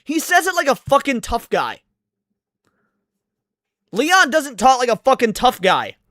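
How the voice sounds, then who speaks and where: A man's voice: very high voice, wildly swooping pitch, measured pace, a bit bright, dry recording. A man ranting in a heated, profane, sarcastic way, hosting commentary over game clips. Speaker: commentary host.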